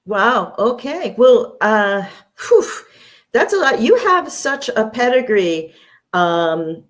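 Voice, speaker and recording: A woman's voice: a little high, very animated, slow. A woman hosting an interview show, reading a formal introduction and asking questions. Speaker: show host.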